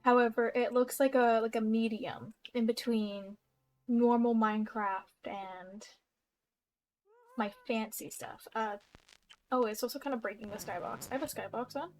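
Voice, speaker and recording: Young woman streamer, slightly high voice, rambling and bubbly, soft game music underneath. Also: steady tone, a little slow. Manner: chatty and bubbly, giggles and trails off. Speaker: gaming YouTuber. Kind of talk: casual gameplay commentary. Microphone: desk mic with audible keyboard.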